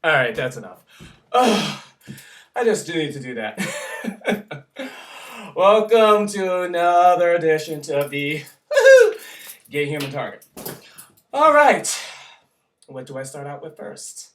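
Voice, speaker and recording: A man ranting casually in a vlog, hyper and excitable, swearing freely and breaking into giggles. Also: on the high side, slow pace, long pauses. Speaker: vlogger. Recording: echoey room, from far off.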